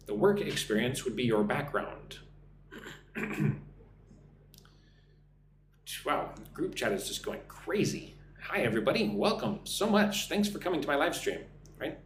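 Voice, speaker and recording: A man from the United States teaching an English lesson on a live stream, speaking slowly and clearly for learners. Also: medium pitch, sing-song, fairly bright tone, roomy sound, slight background noise. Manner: slow, clear drill phrasing for learners.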